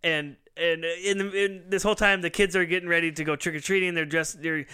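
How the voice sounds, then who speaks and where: Male podcast host, rambling storyteller, bright and crisp tone, slightly high voice. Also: fairly even intonation, brisk. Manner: rambling storyteller who acts out quoted lines, laughs often. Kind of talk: casual chat.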